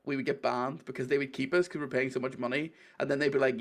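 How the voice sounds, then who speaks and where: A man's voice: medium pitch, fairly even intonation, quick pace, few pauses. A man with a Northern Irish accent, hosting a podcast in loose, sweary casual chat and laughing often. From Northern Ireland. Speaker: podcast host.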